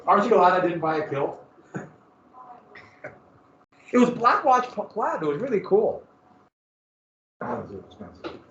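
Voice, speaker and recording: Male teacher, a touch high-voiced, casual and jokey, lecturing from across a roomy classroom on a dull mic. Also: lively intonation, normal speed, long pauses, fairly bright tone, far from the mic, slight background noise. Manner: casual, joking, digressive storytelling.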